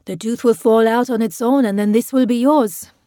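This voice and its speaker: A woman's voice: on the high side, moderate pace, warm tone, dry recording, clean studio sound, voice pushed up, close to an everyday voice. A woman voicing a drunk, jovial, overbearing middle-aged man who talks in a slurred, teasing way. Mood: boisterous.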